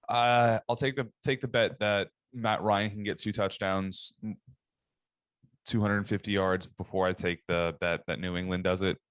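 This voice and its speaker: A man with a low, deep voice co-hosts a casual sports podcast and lays out his picks in a relaxed, measured way. The recording is dry and close. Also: no room sound. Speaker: podcast co-host.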